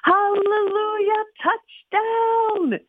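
A woman voicing an excited, fibbing young boy with high, squealing shouts, heard over a dry, tinny phone-like radio sound. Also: drawn-out words, no echo, heavily acted. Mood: elated.

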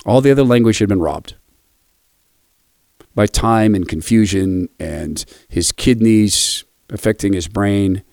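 A man hosting a radio devotional, quietly telling a personal story before closing with a blessing. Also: lowish voice, measured pace, gravelly, no room sound, clean studio sound.

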